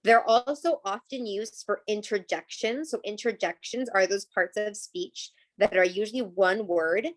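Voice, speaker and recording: A woman teaches a live online class over a video call. She explains things patiently, at a middle pitch, and keeps checking in with "right?" and "okay?". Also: measured pace, few pauses.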